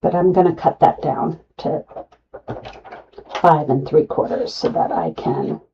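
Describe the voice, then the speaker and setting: A woman's voice: deep voice, very animated, measured pace, far from the mic, dull audio, slight background noise. A middle-aged woman running a live craft tutorial, chatty and talking herself through each cut. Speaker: craft demonstrator.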